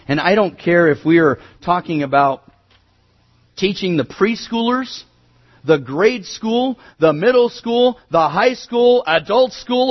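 Male pastor, sermon, high voice, earnest emphasis, dull lo-fi recording. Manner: earnest preaching, rising emphasis then dropping low and quiet.

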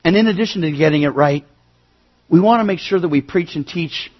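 A man preaching a sermon as pastor, earnest, swinging between emphatic rises and low quiet drops. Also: brisk, highs cut off.

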